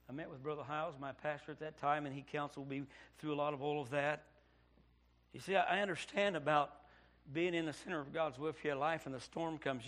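A Baptist pastor from Indiana preaching a sermon, telling a story and swinging from hushed passages to near shouting. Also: male voice, a little high.

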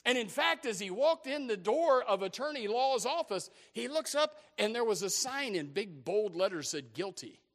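A man's voice: extremely high pitch, big pitch swings, moderate pace, few pauses. A man preaching a sermon as a folksy story, with many repeated restarts.

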